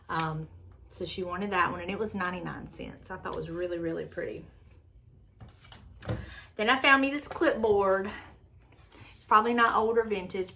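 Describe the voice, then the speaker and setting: A middle-aged woman with a Southern American accent, chatting casually to camera in an excitable, drawn-out way. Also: mid-range voice, slight background noise. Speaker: lifestyle vlogger.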